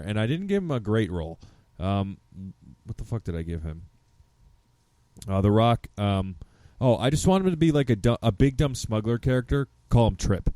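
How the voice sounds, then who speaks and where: Low-voiced man chatting on a podcast. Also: no room sound. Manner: excitable, swears freely, laughs often. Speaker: podcast co-host. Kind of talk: casual chat.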